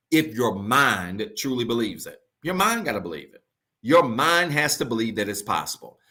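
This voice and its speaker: Male pastor, mid-pitched voice, online sermon, relaxed vernacular, slow emphatic repetition with soft drops. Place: online church service.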